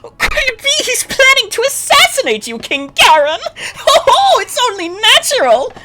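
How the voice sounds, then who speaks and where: A man's voice: very high-pitched, huge pitch swings, a little slow, heavy background noise, pitched above the performer's own voice, heavily acted. Scheming, cackling male mage, screechy and over the top. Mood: gleeful accusing. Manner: cackling, theatrical. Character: shrill scheming male dark mage, gleeful. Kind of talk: game dialogue read-along.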